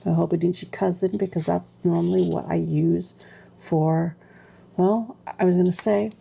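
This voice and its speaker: Low gravelly woman gushing over stationery. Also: fairly even intonation, moderate pace, dark tone. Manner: gushing, exclamatory, chatty with fillers. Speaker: stationery vlogger. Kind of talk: casual unboxing chat.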